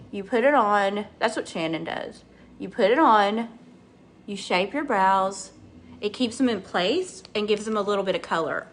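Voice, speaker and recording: A woman's voice: medium pitch, fairly bright tone, slight background noise. A middle-aged woman, chatting and rambling through a casual makeup tutorial and talking to her viewers by name. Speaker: makeup vlogger.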